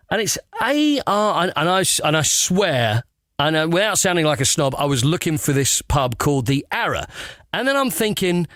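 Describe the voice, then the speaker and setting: A man, a sports radio presenter, chatting as a guest and telling playful stories in a comic, animated way. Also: high voice, moderate pace, no echo, studio quality. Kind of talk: comic casual chat.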